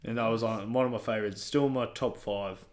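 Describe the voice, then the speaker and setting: A man's voice: fairly low pitch, fairly even intonation, fast. A man, a wrestler chatting casually as a guest, rambling and laughing often. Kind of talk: casual chat.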